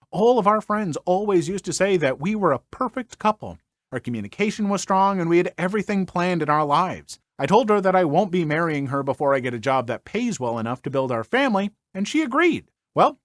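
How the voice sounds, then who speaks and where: A man from northern Minnesota reading online stories aloud and breaking off for animated, jokey commentary as a podcast host. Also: a little high, no echo, studio quality. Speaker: story narrator and podcast host.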